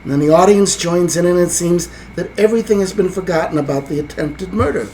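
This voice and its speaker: A man's voice: high voice, fast, a little mellow, slight background noise, poor audio. A man co-hosting a podcast, telling a film's ending in a rambling way with lots of fillers. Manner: rambling, hesitant storytelling with many fillers. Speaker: podcast co-host. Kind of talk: casual film discussion.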